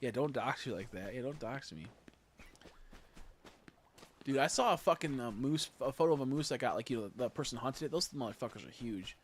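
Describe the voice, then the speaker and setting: A young man chatting idly on a game livestream. His voice sits at an ordinary middle pitch. He rambles and jokes, swinging from loud excited bursts to low mutters. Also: fairly quick, slight background noise. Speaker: streamer. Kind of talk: casual livestream chat while gaming.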